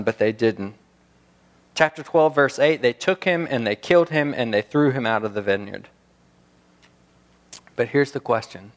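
A man preaching a sermon, animated and building to emphatic peaks, often restarting his words as he goes. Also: medium pitch. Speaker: pastor. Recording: reverberant hall.

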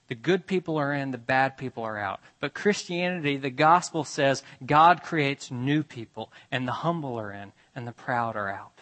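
A man's voice: medium pitch, fairly bright tone. A man preaching a sermon, emphatic and repetitive, pressing his listeners with rhetorical questions.

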